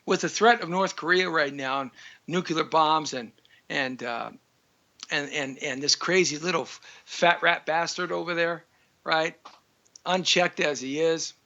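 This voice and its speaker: A man's voice: a little high, a little slow, bright, forceful tone, muffled recording. A man hosting a live talk show, ranting in a frustrated monologue.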